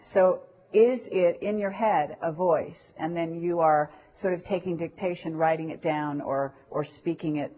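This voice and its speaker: Hesitant woman interviewer, low-pitched. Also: unhurried, few pauses, dark tone. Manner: searching, hesitant questions. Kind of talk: interview questioning.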